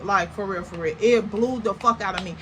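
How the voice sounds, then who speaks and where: A young woman telling a story in a casual, animated, slangy way, full of exaggerated comparisons. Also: mid-range voice, brisk, noisy background. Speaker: storytime vlogger.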